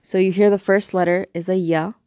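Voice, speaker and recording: Patient woman teacher, low and dry. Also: steady tone, dark tone, no room sound. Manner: patient, explains step by step, repeats example words slowly. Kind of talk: recorded language lesson.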